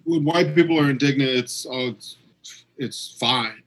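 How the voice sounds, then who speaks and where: A man, a comedian, talking in a casual chat and acting out quoted exchanges with lively energy. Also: mid-range voice, a little slow, rough recording. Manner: animated, acts out quoted exchanges.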